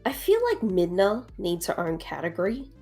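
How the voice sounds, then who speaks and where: A woman's voice: fairly low pitch, expressive, moderate pace, a little mellow, faint music behind. A woman chatting casually as a stream guest, thoughtful and drawing out her phrases. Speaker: co-host guest.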